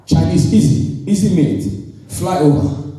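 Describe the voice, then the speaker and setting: Animated African pastor preaching in an echoey hall. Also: male voice, a little high, a little slow, distant mic. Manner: animated, calls on the congregation to respond. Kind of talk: sermon.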